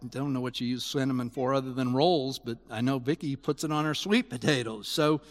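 A man's voice: medium pitch, steady tone, brisk, in a large hall. A male pastor preaching an expository sermon, moving between exclaiming asides and mock complaints, with frequent restarts.

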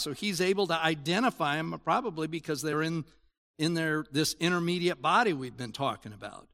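A man in his sixties preaching a sermon in a conversational way, moving between loud emphasis and quiet asides. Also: a little high, animated, moderate pace. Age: 60s. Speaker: pastor.

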